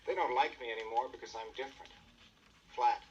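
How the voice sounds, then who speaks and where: A man's voice: medium pitch, a little fast, distant mic, highs cut off, slight background noise, natural voice. A man voicing an earnest, sensitive young boy on a storybook record, in a boyish, plaintive voice. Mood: hurt.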